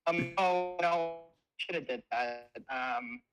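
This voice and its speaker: A man's voice: fairly high pitch, takes it slowly, a bit bright, clean tone, soft background music. A man chatting casually on a call, hesitant and full of ums. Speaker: guest on a call.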